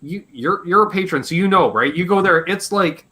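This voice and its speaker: A man with a slightly hoarse voice, hosting a casual live Q&A stream, rambling and joking and swearing offhand. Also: high voice, lively intonation, normal speed, pushed and bright. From Canada. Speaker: livestream host.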